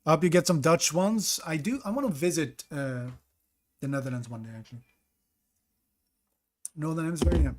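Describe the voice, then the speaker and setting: Brief: male streamer, slightly higher voice, casual running commentary, stops to greet chat by name. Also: moderate pace, long pauses, darkish tone, slight background noise. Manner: thinks aloud, greets chat mid-sentence.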